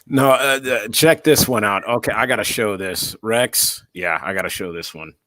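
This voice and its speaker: Lowish-voiced man chatting casually. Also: moderate pace, no room sound. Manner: animated storyteller, acts out reactions. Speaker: dash cam channel host. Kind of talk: casual chat.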